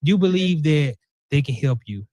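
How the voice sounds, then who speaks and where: Podcast host, man, higher-pitched, animated slang, dry close sound. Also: moderate pace, no echo. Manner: animated, slangy, thinks out loud. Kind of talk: casual conversation.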